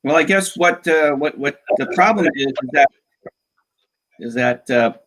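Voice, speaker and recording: A man hosting a casual science chat on a video call, searching for words slowly. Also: a little high, animated, fairly bright tone, poor audio. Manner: slow, searching, with fillers. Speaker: host.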